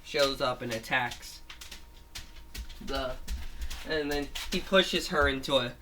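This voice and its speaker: A man's voice: mid-range voice, takes it slowly, bright, forceful tone. A man casually retelling a monster story of his own, rambling with frequent restarts and fillers, at home with his grandmother nearby.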